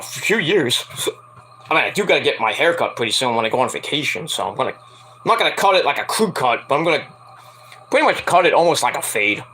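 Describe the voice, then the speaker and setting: A young man casually reviewing a wrestling show, rambling and swearing, acting out quotes in high voices. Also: sharp tone, husky. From Antiguan and Jamaican family. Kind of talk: casual solo review chat.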